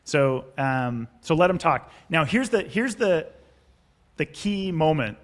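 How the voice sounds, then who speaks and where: Brief: man, founder guest, animated storyteller who acts out both sides, slightly higher voice. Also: takes it slowly. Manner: animated, acts out investor and founder lines, swears casually. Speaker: podcast guest, startup founder. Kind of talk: casual explanatory interview talk.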